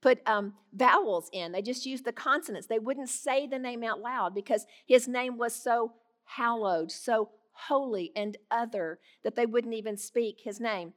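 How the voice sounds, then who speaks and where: Middle-aged woman, earnest Bible teacher, slightly higher voice, warm conversational delivery. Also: a little slow, few pauses.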